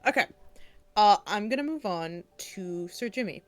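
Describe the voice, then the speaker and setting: A woman narrating a tabletop game as game master, slow and playfully descriptive. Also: medium pitch, animated, soft background music.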